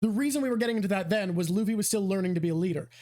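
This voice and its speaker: A woman's voice: medium pitch, warm tone. Stuffy-nosed woman hosting a stream. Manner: enthusiastic, rapid explaining. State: stuffy nose. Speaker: host. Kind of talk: casual chat on a live stream.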